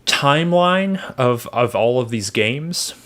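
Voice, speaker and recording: A man with a mid-range voice co-hosts a relaxed podcast. He talks in easygoing, teasing banter with his co-host. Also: mid-range voice, slow pace. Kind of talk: casual podcast chat.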